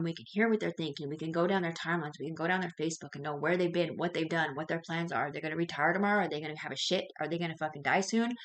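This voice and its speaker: A woman livestreaming a rambling, profane, run-on monologue in a hurried casual way. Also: low voice.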